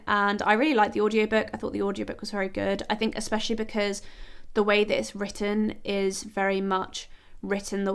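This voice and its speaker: Woman book vlogger, casual and rambling, smooth clear tone, mid pitch. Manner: chatty and rambling, many "like" fillers and self-corrections. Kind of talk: casual chat reviewing books.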